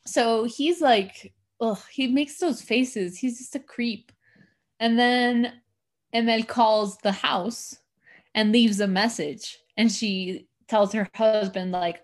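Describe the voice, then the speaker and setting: A woman's voice: on the high side, takes it slowly. A woman co-hosting a podcast, chatting casually through a TV episode recap, full of "like" fillers and acted-out lines. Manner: chatty, lots of "like" fillers, acts out characters' lines. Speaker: podcast co-host.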